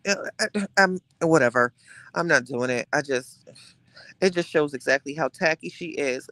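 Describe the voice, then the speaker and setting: A man hosts a casual live stream, trading gossip with his viewers. His voice sits a little high, and he talks in an animated, theatrical way, often leaning into hushed asides. The sound is dry, with no room echo.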